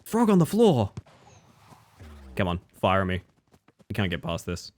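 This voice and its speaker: A man's voice: sits low, wildly swooping pitch, unhurried, a little mellow. A man streaming a video game live, chatting casually with his viewers, laughing often and swearing freely. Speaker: livestreamer. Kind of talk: casual live gaming commentary.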